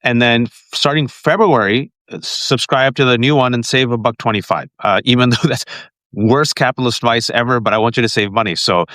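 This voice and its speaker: A man in his forties hosts a casual political podcast over a call. He rambles and jokes, dropping "uh" between phrases. His voice is mid-pitched and dry, recorded close to the mic. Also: brisk, fairly bright tone, dry recording. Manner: joking, rambling, many "uh" fillers. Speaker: podcast host.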